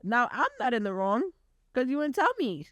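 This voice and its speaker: A woman's voice: fairly high pitch, big pitch swings, normal speed, a crowd in the background. A young woman in her late teens co-hosting a casual podcast, teasing and giggly. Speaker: podcast co-host. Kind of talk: casual chat.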